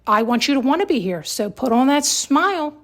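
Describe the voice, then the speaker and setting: A woman's voice: sits high, sing-song, a little fast. A woman playing a possessive, threatening partner. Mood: menacing. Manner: threatening, commanding. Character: possessive, menacing controlling woman.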